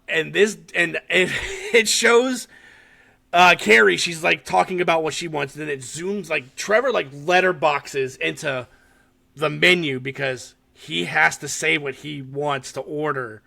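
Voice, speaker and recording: Gravelly, bright-voiced man telling a story. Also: fairly high pitch, unhurried. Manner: animated, profane storytelling with frequent laughter. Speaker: podcast host. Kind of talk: casual chat recapping a horror short film.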